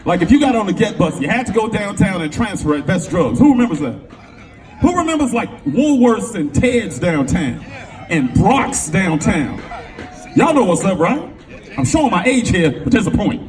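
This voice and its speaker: A middle-aged man from California, a motivational speaker telling a personal story to a live audience in an animated, slangy way, acting out the voices of the people in it. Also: high voice, moderate pace, faint music behind. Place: event venue before an audience. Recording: distant mic with faint room noise.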